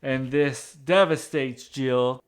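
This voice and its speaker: Male recap host, unhurried, smooth tone, loose and rambling. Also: medium pitch. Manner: rambling, frequent restarts and fillers. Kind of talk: casual episode recap.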